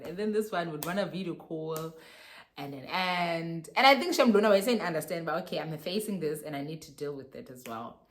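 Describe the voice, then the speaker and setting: A young South African woman with a South African accent, telling a casual story in a lively, animated way and laughing often. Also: low voice. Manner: animated, mixes English and Xhosa slang, laughs often. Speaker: vlogger.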